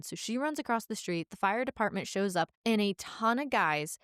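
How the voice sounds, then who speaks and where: A woman's voice: mid-range voice, animated, fairly quick, dry recording. Woman host rambling thru a story, lots of "like"s, dry close mic. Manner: chatty, many filler "like"s. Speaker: podcast host. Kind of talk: casual storytelling.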